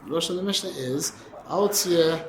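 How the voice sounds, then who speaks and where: A man teaching a lively Torah class to students, animated and quick to correct himself, using Hebrew and Yiddish terms. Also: a little high, roomy sound, noisy background.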